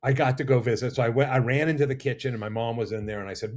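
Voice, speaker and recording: Brief: middle-aged male guest, mid-pitched, animated storyteller with frequent restarts. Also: rapid-fire, hardly any pauses. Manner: animated, rambling anecdotes with restarts. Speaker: guest, makeup effects artist. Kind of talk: casual storytelling interview. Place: studio or lounge.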